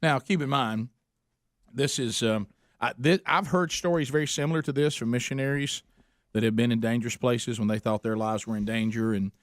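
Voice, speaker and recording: A man's voice: mid-range voice, fairly quick, no room sound, studio quality. A middle-aged man hosting a radio talk show, telling stories in an earnest, conversational way full of "uh" fillers. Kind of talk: talk radio chat and storytelling. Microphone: studio microphone.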